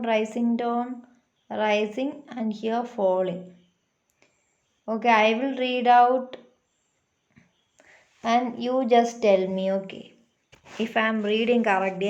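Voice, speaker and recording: A woman teacher giving a classroom lesson, explaining patiently and checking in with her pupils. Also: on the high side. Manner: slow, patient, checks in with "huh?".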